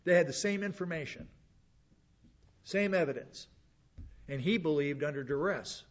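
A man's voice: on the high side, moderate pace, highs cut off. A man preaching a sermon in a conversational way, with chuckling asides and frequent fillers. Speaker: pastor.

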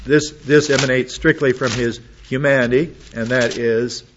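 A man's voice: mid-range voice, steady tone, fairly bright tone, muffled recording, a little hiss or hum. A man preaching a sermon, reading Bible passages aloud and breaking in with casual, plain-spoken comments. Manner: reads scripture aloud then adds quick casual asides.

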